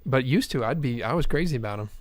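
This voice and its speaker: A man with a mid-range voice chatting casually as a podcast co-host. He sounds relaxed and chatty and laughs easily. The recording is dry and close to the mic. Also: mid-range voice, quick pace, dry recording. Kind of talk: casual chat about movies.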